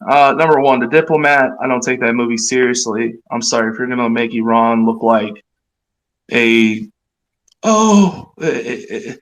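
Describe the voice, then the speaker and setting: A man's voice: medium pitch, normal speed, fairly bright tone, low-quality recording. Blunt, passionate man hosting. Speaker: host. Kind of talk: casual live audio-room talk.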